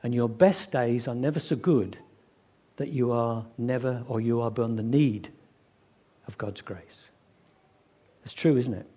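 A man preaching a sermon, telling stories and acting out the voices of people in them, slowing down for emphasis. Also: mid-range voice, warm tone. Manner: storytelling, acts out quoted voices, slows for emphasis.

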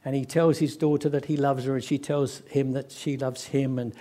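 Male preacher, mellow tone, lively storyteller voicing characters. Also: medium pitch. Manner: storytelling, acts out quoted voices, slows for emphasis. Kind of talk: sermon.

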